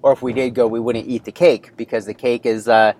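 A man's voice: mid-range voice, level tone, fairly quick, darkish tone. A man in his thirties hosting a podcast, telling a personal story in a loose, rambling way with many fillers and restarts. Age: 30s. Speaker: podcast host.

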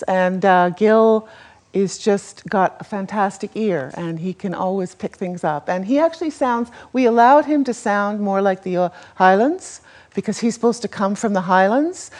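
A woman from Cape Breton talks about her theatre production in a chatty, animated way. She restarts her sentences often and speaks from a stage to an audience. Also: medium pitch. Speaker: theatre director. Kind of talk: onstage interview talk.

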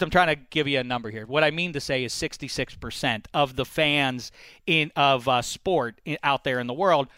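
A man hosting a casual sports debate, animated and opinionated, breaking into mocking impressions of fans. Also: fairly high pitch, clear, resonant tone, no room sound. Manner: animated, puts on mock fan voices. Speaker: sports talk host.

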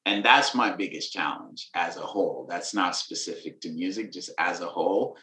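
Deep, relaxed man, casual interview guest, echoey room. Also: normal speed. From Venezuela. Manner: relaxed, laid-back slang, laughs between thoughts. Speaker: musician and author guest.

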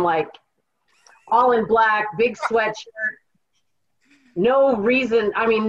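A woman's voice: mid-range voice, fairly bright tone, muffled recording. A woman from Washington State's Kittitas Valley, a podcast guest and author, telling her story in an earnest, reflective way. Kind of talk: conversational podcast interview.

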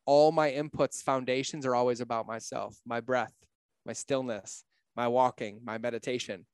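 Medium in pitch and fairly even in intonation, his clear, resonant voice moves at a moderate pace over a dry, clean studio recording. He is a thirty-something business coach guesting on a podcast, casual, blunt and freely profane.

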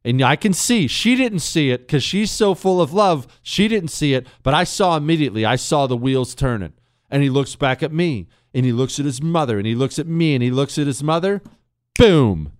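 A man hosting a talk radio show, telling stories and ranting with sarcastic, animated delivery. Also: fairly high pitch, normal speed, no room sound, clean studio sound.

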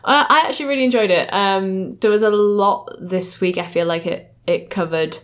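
A woman's voice: medium pitch, normal speed. A woman co-hosting a podcast, chatting casually about a TV episode and musing aloud, often trailing off and laughing. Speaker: podcast co-host. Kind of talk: casual chat reviewing a TV episode.

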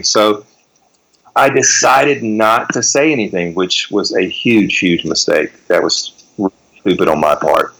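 A man in his forties, a guest in a casual interview, telling animated road stories and swearing freely. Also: low-pitched, takes it slowly, creaky, low-quality recording. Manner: animated storyteller, swears freely, acts out quotes.

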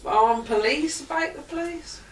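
A woman's voice: sits high, unhurried. An English woman co-hosting a podcast, dropping brief, dry remarks into the conversation. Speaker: podcast co-host. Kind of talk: casual banter. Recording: echoey room, mic far off.

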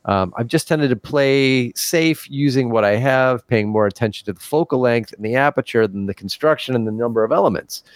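A man's voice: mid-range voice, brisk, few pauses, dry recording. A man co-hosting a casual podcast, reading a listener's email aloud with stumbles and self-deprecating laughs. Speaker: podcast co-host.

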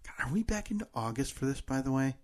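A man's voice: medium pitch, big pitch swings, quick pace. A man co-hosting a podcast in casual chat, earnest and self-deprecating. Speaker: podcast co-host.

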